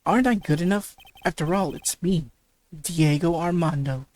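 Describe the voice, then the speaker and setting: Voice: mid-range voice, moderate pace, darkish tone, lightly acted. A reader voicing a cocky male senior attorney who teases his junior partner, in a visual novel game. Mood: teasing. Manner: smug, teasing, with stumbles. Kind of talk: reading game dialogue aloud.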